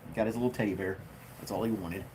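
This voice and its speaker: A man's voice: fairly low pitch, fast, dark tone, a little hiss or hum. A man hosting a casual home livestream, chatting with viewers and reading their comments, with a jokey manner and a habit of laughing at his own jokes. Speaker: livestream host.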